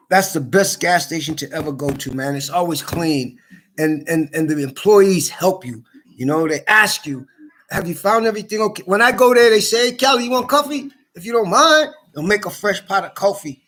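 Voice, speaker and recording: A middle-aged man ranting in a rambling monologue, swearing often, stammering and repeating himself, swinging between loud outbursts and tired mutters. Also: a little high. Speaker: vlogger.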